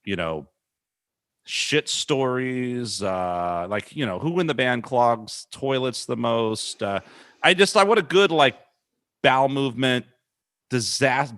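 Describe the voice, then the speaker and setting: A man hosts a podcast in a bright, forceful mid-range voice. He jokes crudely and swears freely while bantering with his guest. The sound is close and dry. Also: mid-range voice, no room sound. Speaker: podcast host. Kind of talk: casual podcast chat.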